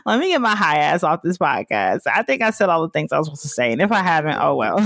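A woman's voice: deep voice, huge pitch swings, fairly quick, fairly bright tone, no room sound, studio quality. A woman hosting her own podcast, chatting casually in a rambling, giggly, laid-back way, sniffling now and then. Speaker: podcast host. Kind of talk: casual chat.

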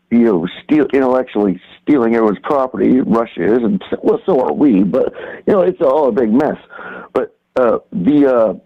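Rambling man calling in over a dull line. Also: medium pitch. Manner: halting, many restarts and fillers, conspiratorial. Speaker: caller. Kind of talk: rambling call-in talk.

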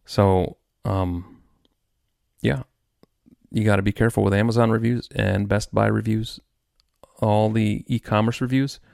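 A man's voice: lowish voice, steady tone, a little slow, gravelly, a little mellow, no room sound, clean studio sound. A man hosting his own podcast, ranting in a frustrated, rambling way with many restarts. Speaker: podcast host. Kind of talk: solo podcast rant.

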